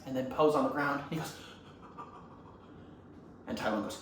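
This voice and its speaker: A young YouTuber rambles and swears a lot while retelling a movie scene in a casual, comic way. His mid-range voice moves at a moderate pace, broken by long pauses. The recording has a roomy echo and faint ambient noise.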